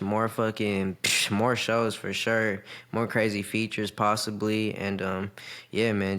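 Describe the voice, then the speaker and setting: A man from Arizona with a somewhat low voice tells stories on a podcast. He is laid-back and casual, and he swears freely as he talks. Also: fairly bright tone. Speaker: rapper guest. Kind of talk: casual storytelling.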